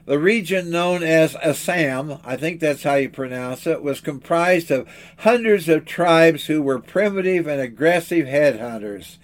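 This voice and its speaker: Guy preaching a sermon, earnest, slightly high voice, lots of questions to the crowd. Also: animated. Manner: earnest, measured, rhetorical questions.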